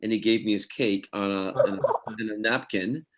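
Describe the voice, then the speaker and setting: A man, an actor guest, telling a lively anecdote on a video call and acting out the people in it. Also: on the low side, moderate pace, noisy background. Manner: animated storyteller, acts out voices in his anecdote.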